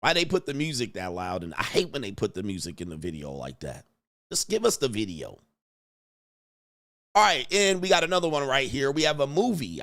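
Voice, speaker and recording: Exclaiming man reacting to a clip. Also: medium pitch. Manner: animated, exclaiming, laughing often. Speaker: host. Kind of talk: livestream reaction commentary.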